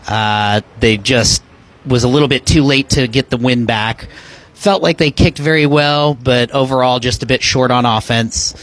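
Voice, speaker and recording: A man co-hosting a podcast, reading league announcements and game notes in a measured way with many fillers. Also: medium pitch, a bit bright. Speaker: podcast co-host. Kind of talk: casual announcement.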